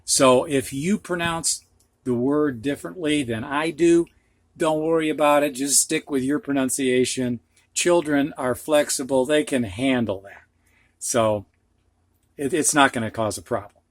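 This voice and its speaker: Teaching phonics, a middle-aged man from the American Midwest, in the style of Ohio or Michigan, repeats every word two times with patience. He speaks in a mid-range voice at a measured pace, and the recording has no echo.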